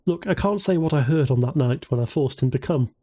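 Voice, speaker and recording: A man's voice: medium pitch, brisk, mellow, lightly acted. A male narrator voicing a frank, earnest young woman who speaks with firm conviction.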